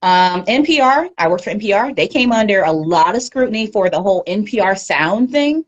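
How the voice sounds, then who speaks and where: A woman speaking as a guest in a casual livestream interview, candid and animated, often laughing, on a phone or webcam mic. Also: medium pitch, fairly quick, muffled recording. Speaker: guest media professional.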